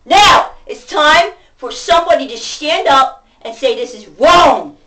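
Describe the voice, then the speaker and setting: A woman venting to camera in a profane rant, going from shouting to muttering. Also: high voice, expressive, unhurried, hardly any pauses. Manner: profane, ranting, swings between shouting and muttering. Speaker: vlogger. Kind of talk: angry venting monologue. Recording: voice distant from the mic.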